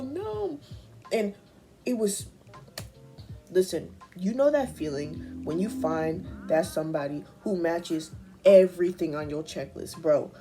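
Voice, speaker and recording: A young woman vlogging a casual life update, chatty, acting out her conversations in squeaky high voices. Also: mellow. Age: young adult.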